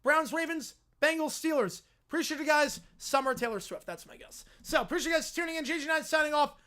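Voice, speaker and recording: Male streamer, high bright voice, exclaiming, disbelieving, casual live reaction. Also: fairly quick.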